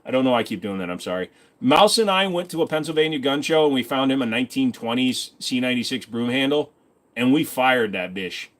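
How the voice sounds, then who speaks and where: Answering viewer comments on his casual livestream, a streamer rambles offhandedly with quick asides, speaking in an animated, mid-range voice.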